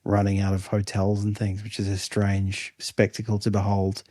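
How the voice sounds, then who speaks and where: Australian man, 30s, low voice, mellow tone, rambling podcast chat. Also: completely flat delivery, normal speed, dry recording, studio quality. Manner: musing, rambling with restarts. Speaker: podcast co-host. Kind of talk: casual chat.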